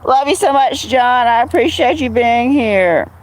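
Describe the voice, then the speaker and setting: A woman's voice: fairly high pitch, animated, a little slow, rough recording. Chatty woman streaming from home. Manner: chatty, talks to viewers by name, storytelling. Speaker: livestream host. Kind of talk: casual livestream chat. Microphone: phone.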